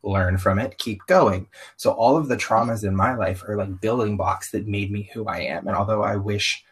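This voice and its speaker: Young man, slight Southern accent, low husky voice, candid animated interview guest. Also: brisk. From Southern US, raised partly in Baltimore. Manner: open, animated storytelling with quoted asides.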